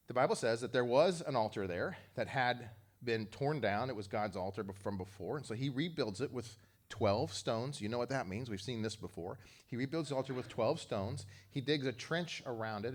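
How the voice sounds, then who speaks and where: In an animated sermon, this pastor tells stories and performs the quotes with sudden shifts in pitch and loudness. He talks conversationally and jokes with the congregation along the way.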